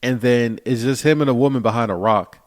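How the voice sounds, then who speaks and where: A man's voice: medium pitch, a little fast. A man from Philadelphia co-hosting a podcast in casual chat, jokey and slangy. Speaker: podcast co-host.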